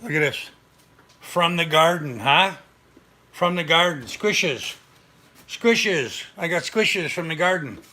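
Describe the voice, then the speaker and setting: A man's voice: on the high side, expressive, slow pace, long pauses, bright, forceful tone. An older man hosting a casual live stream, rambling and chatty as he greets viewers by name. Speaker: livestream host.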